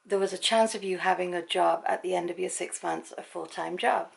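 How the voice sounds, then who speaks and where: A middle-aged Englishwoman rambles in a casual nighttime home vlog, chatting to camera and laughing easily. Her lowish voice is gravelly and steady, a little fast, and the audio quality is poor.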